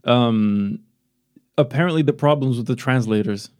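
A Romanian man who speaks English as a non-native speaker hosts a casual podcast chat through a podcast microphone. His mid-range voice is a little mellow at a normal speed as he rambles, puts himself down, and swears freely.

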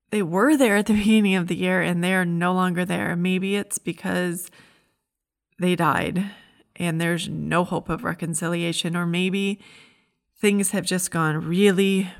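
A woman's voice: fairly low pitch, creaky. A middle-aged woman giving a heartfelt, earnest devotional message as a Christian speaker.

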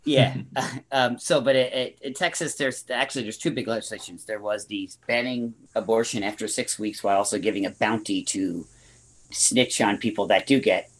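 Husky Western New York man. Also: on the low side, steady tone, rough recording. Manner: halting, restarts often, blunt opinions. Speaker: guest. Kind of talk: casual podcast discussion.

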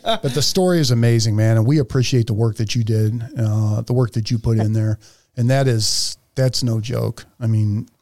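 A man's voice: mid-range voice, normal speed, dark tone, no room sound. A man hosting a podcast, joking and swearing loosely in casual chat. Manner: profane, joking, brash. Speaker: podcast host.

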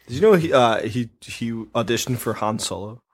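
A man's voice: mid-range voice, expressive, moderate pace. A young man co-hosting a podcast in casual chat, laid-back and agreeable, often laughing. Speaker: podcast co-host.

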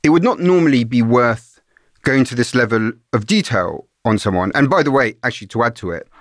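A man's voice: medium pitch, animated, a little fast, no room sound, studio quality. A middle-aged man co-hosting a conversational history podcast, explaining his points analytically with examples. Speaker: podcast co-host.

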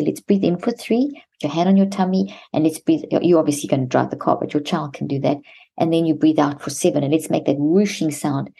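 Woman, expert guest; husky, mellow voice, explanatory, lots of restarts. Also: low voice. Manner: many restarts and repeated words, explanatory. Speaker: guest expert on mental health. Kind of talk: explanatory advice to parents.

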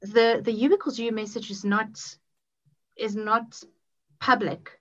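A woman from Africa, a podcast guest talking in an earnest, halting way and often repeating her words. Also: fairly high pitch, steady tone, dull audio. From South Africa. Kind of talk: casual conversation.

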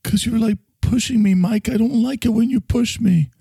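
A man's voice: a little high, wildly swooping pitch, a little slow, creaky, dark tone, slightly rough, dry recording, clean studio sound, exaggerated voice. A man voicing a whiny, touchy little lavalier microphone character who protests at being pushed.

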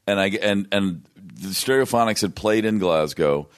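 A man's voice: sits low, animated, normal speed, smooth. A man, a touring musician, telling a long story in casual chat, with restarts and laughs. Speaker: guest musician.

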